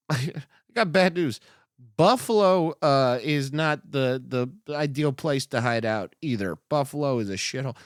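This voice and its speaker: A man's voice: on the high side, a bit bright, dry recording, studio quality. A young man hosting a comedy podcast, reacting to news clips with sarcastic, profane, rambling commentary.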